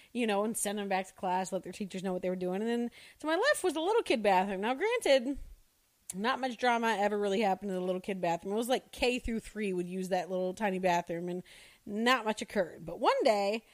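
A woman who works as a school social worker, telling stories in a casual, animated way, laughing and acting out the kids' shouts. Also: mid-range voice. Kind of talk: casual storytelling.

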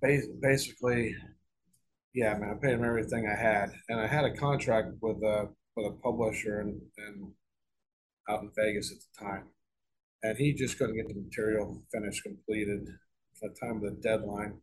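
A man's voice: on the low side, fairly even intonation, moderate pace, poor audio. A middle-aged man telling a long story in a casual interview, rambling and profane, with frequent restarts and repeated words. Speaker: guest author.

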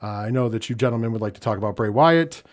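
A man's voice: mid-range voice, quick pace. Casual American man hosting a podcast. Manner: conversational, many fillers, drops quiet when somber. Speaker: podcast host.

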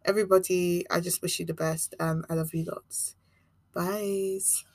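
A young woman with a mixed Nigerian and American accent chats loosely through her own podcast, wandering from thought to thought. Her voice sits fairly low with a gravelly fry, and the sound is close and dry with no room around it. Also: level tone, unhurried, no echo. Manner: rambling, chatty, laughs often. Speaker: podcast host. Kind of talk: casual solo podcast chat.

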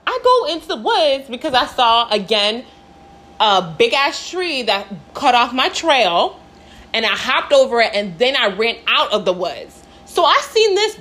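A young woman vlogger telling a story in a casual, dramatic, swear-filled way. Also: on the high side. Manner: animated, profane, dramatic.

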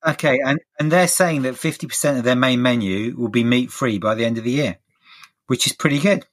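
Man, middle-aged, chatty co-host, mid pitch, dry close sound. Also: fairly quick, no room sound. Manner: chatty, runs through a list of news items. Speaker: podcast co-host. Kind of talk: casual chat.

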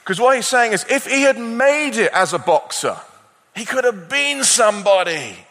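A man preaching a sermon to a conference crowd, his voice moving between loud urgency and quiet intensity. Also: very high-pitched, very animated, normal speed. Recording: long hall reverb.

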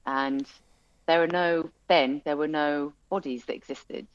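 A woman speaks in a low voice. She tells her story in a chatty, animated way, with plenty of ums and restarts. The recording is dry and slightly dull, with no room sound. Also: measured pace, smooth, no room sound. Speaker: music venue owner. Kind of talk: interview conversation.

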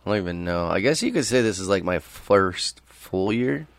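A man's voice: sits low, animated, normal speed, vocal fry, dry recording. A man co-hosting a casual podcast, cracking crude, dry jokes. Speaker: podcast co-host. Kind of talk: casual chat.

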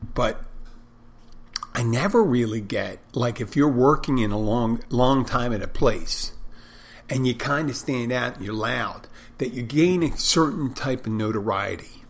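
A man, a bartender who podcasts, talking in a rambling, self-deprecating casual monologue with a loud barking delivery. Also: mid-range voice, unhurried.

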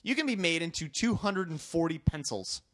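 A male podcast host who chats and jokes, sliding often into quick news reads full of restarts. His voice sits somewhat high for a man and moves a lot. The sound is dry and close. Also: animated, a bit bright, no echo. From Canada. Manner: chatty, joking, stumbling restarts. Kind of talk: casual podcast chat, reading news items.

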